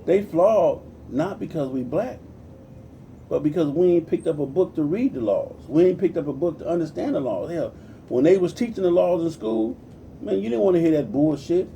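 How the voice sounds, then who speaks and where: A man's voice: a little high, lively intonation, moderate pace, creaky, dark tone, distant mic, slight background noise. A man in his forties from Compton, California, ranting in a casual livestream, cursing freely and greeting viewers by name as he preaches. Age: 40s. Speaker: livestream host.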